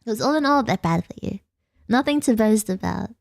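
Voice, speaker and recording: A woman's voice: fairly high pitch, expressive, brisk, creaky, no room sound, clean studio sound. A young Australian woman streaming a casual late-night chat, rambling and giggling as she answers her viewers. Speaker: vtuber streamer.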